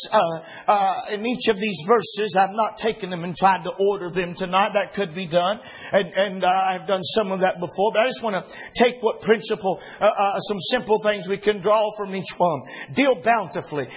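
A male pastor preaching a fervent sermon from the pulpit, often pausing on "uh" and rising to shouts. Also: sits high, slightly rough, low-quality recording. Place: church sanctuary.

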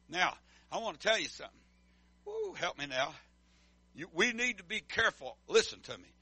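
A man's voice: a little high, pushed and bright, no echo. A middle-aged man preaching a sermon as pastor, calling for responses from the congregation. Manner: emphatic call-and-response preaching.

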